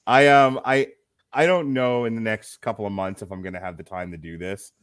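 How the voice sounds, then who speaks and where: A man with a lowish voice hosts a casual film review podcast, wry and quick to laugh as he reads out critics' lines. His voice is close and dry, with no room sound. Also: fairly even intonation, a bit bright, clean tone, no echo. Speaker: podcast host. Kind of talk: casual movie review chat.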